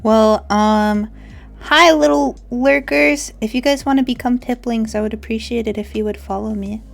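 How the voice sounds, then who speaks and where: A woman's voice: fairly high pitch, flat delivery, fairly quick, darkish tone, faint music behind. A young woman livestreamer rambling casually to her chat and swearing now and then. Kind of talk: casual live-stream chat.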